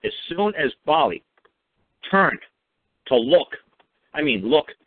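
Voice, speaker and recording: A man's voice: on the high side, lively intonation, slow, no echo. Man, call-in guest, blunt, profane, commanding, tinny dry phone line. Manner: emphatic, commanding. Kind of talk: casual call-in radio talk.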